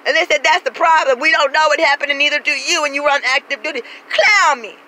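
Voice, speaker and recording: A woman's voice: sits high, quick pace, pushed and bright, poor audio. A woman telling a profane comic story in a brash, sassy, street-talking way, acting out everyone she quotes. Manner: brash, swears constantly, acts out every quoted voice.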